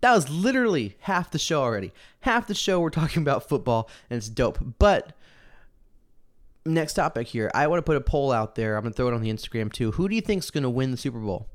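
A young man hosting a casual show, ranting in an animated, slangy way and mocking people with put-on quotes. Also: medium pitch, fairly quick. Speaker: podcast host. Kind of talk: casual opinion rant.

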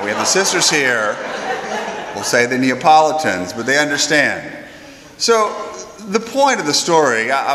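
A young man, a priest, giving a homily as an animated story, acting out the voices of the people in it. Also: medium pitch. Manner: animated storyteller who acts out quoted voices. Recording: roomy hall echo.

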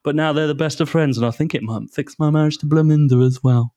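Man voicing weary dog owner, lowered flat voice, mock-earnest, quick. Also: natural voice.

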